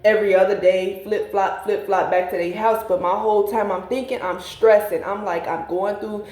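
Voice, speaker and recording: A woman's voice: medium pitch, fairly even intonation, normal speed, a little mellow. A young woman telling a personal story to her viewers, candid and profane, speaking straight to them as y'all. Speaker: vlogger. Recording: echoey room.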